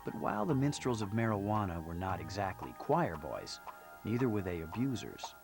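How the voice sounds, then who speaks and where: A man reading scripted documentary narration in a measured, storytelling way. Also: deep voice, big pitch swings, gravelly. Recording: narration over loud music.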